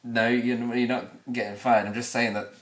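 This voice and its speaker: A young adult man hosting a comedy podcast, teasing his co-host and cutting in with quick questions. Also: medium pitch, little pitch movement, fairly bright tone. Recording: echoey room.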